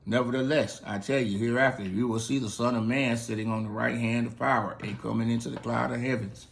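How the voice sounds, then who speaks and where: A man reading as a calm, solemn prisoner. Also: mid-range voice, a little fast, creaky, a little hiss or hum, close to an everyday voice. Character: calm solemn male teacher on trial.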